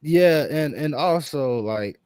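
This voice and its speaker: A man's voice: a little high, lively intonation, slow, darkish tone. A young man co-hosting a podcast in casual chat, rambling and stumbling over repeated words. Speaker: podcast co-host.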